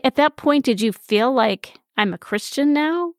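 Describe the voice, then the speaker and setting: Woman host gently interviewing. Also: sits high, animated, a little slow, dry recording, clean studio sound. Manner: gently summarizing and prompting questions. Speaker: podcast host. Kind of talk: interviewing a guest.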